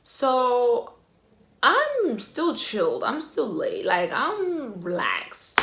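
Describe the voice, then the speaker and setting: A young South African woman with a South African accent telling a story in a chatty, animated way. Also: a little high, extremely slow, slight background noise. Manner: animated, chatty, heavy on fillers. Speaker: vlogger. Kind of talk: casual storytime. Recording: echoey room.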